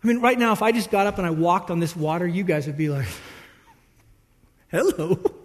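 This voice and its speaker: A pastor with a notably high voice preaches in a large hall whose long reverb trails after each phrase. He tells the story with lively, playful energy. He slips into the voices of the people in it. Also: fast. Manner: animated storytelling, acts out disciples' voices. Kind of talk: sermon.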